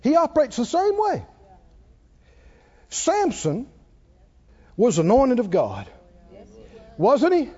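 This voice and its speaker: A preacher with a very high, lively voice delivers a slow sermon, firing rhetorical questions and waiting for answers. The sound is muffled and lo-fi, as from a church recording. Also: male voice, breathy edge. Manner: rhetorical questions, calls for response.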